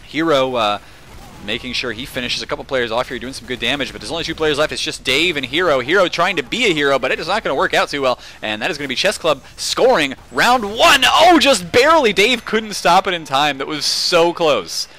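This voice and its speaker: A young man casting a competitive video game match alone, excitable and jokey, rambling into asides full of fillers. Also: mid-range voice, fast talker, a little hiss or hum. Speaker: esports caster. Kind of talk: solo play-by-play commentary.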